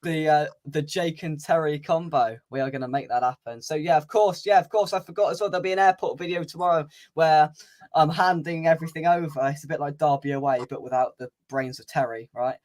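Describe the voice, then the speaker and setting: A man's voice: on the high side, fairly even intonation, a little fast, darkish tone. A man hosting a fan channel livestream, chatting casually, reading out viewer comments and laughing often.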